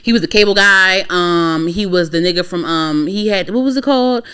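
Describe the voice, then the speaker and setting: On the low side, clear and resonant with a bit of brightness, this young woman's voice moves at a moderate pace. She co-hosts a podcast from the Washington DC area, ranting in a blunt, profane, casual opinion chat.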